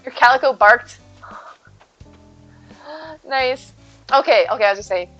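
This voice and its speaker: A woman's voice: fairly high pitch, measured pace, fairly bright tone, lo-fi sound, soft background music. A woman streamer chatting casually with her viewers while playing, talking sweetly about her cat. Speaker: live streamer. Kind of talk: casual live-stream chat while gaming.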